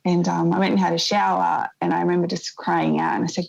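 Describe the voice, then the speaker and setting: A woman in her thirties telling a painful personal story in an interview, in a soft, reflective way that often halts and starts again. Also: lowish voice, level tone, creaky, highs cut off. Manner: soft, reflective, halting with restarts. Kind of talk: emotional personal testimony.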